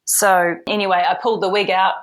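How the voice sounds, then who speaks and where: A woman's voice: mid-range voice, level tone, brisk. A middle-aged woman, a hair and makeup artist telling stories as a guest in a casual interview, chatty with many "you know" fillers. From New Zealand.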